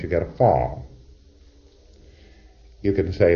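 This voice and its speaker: Male lecturer, very low voice, wry and conversational, muffled lo-fi tape. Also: animated, moderate pace, long pauses. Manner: conversational, wry, acts out exchanges. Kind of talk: recorded lecture to trainees.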